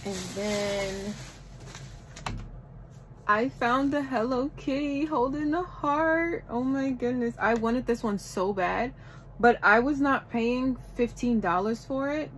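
Gushing, excitable woman vlogger. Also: a little high, a little hiss or hum, rough recording. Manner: gushing, excitable, repeats "oh my goodness". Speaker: shopping haul vlogger. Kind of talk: casual haul chat to camera. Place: at home.

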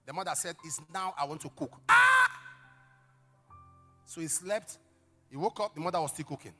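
A middle-aged male pastor preaching a sermon, telling stories dramatically with sudden shouts and hushed asides. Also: a little high, fast, soft background music. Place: church service.

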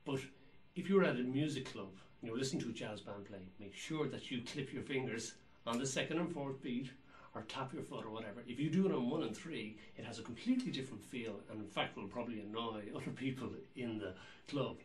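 A man's voice: mid-range voice, a little fast, rough recording. Man counting and scatting jazz rhythms. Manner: counts beats and scats rhythms aloud. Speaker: drum teacher. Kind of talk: instructional explanation.

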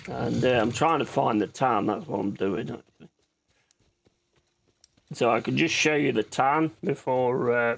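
On his own gaming channel, a man with a slightly high, creaky voice talks casually through his gameplay. He swears a lot, chats freely and laughs easily.

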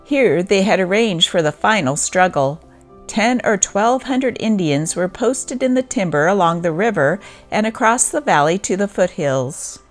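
A woman reading an old newspaper account aloud as scripted narration, in a steady read-aloud manner. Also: mid-range voice, a little slow, faint music behind. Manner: steady read-aloud of a first-person war memoir.

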